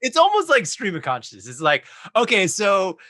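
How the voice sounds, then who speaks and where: A man who acts and teaches improv, a guest on a casual podcast, telling stories in a lively and expressive way. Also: sits high, fast talker, no echo, studio quality.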